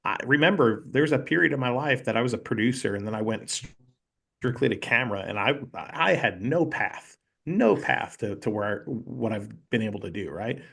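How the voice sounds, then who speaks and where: Gravelly man telling stories on a podcast. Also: medium pitch, moderate pace. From North Carolina. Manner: animated storyteller, acts out quoted voices, many "you know"s. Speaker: podcast guest. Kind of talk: casual storytelling chat.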